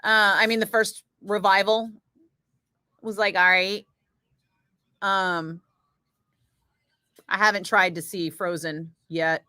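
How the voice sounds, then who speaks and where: A woman radio DJ chatting casually in her studio, answering viewer comments in an animated way with lots of fillers. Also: mid-range voice, slow pace, long pauses, no echo.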